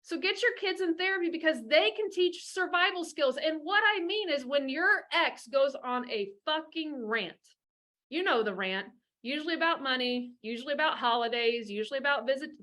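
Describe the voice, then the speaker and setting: A woman's voice: sits high, fairly bright tone. A middle-aged woman giving blunt, profane advice on divorce and parenting, talking fiercely and emphatically. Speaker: divorce coach.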